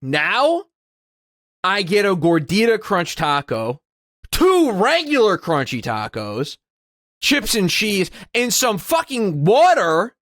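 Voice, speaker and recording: A man co-hosting a comedy podcast, ranting with heavy profanity and lurching between flat grumbles and shrill mocking voices. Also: slow pace, no echo, studio quality. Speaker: podcast co-host. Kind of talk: casual comedic rant.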